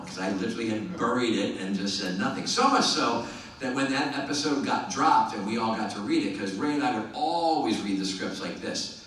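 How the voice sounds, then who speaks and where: A middle-aged man, an actor, telling anecdotes on a convention panel, lively and chatty, with quick voiced impressions of the people in his story. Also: mid-range voice. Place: large convention hall. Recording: echoey convention hall, distant mic.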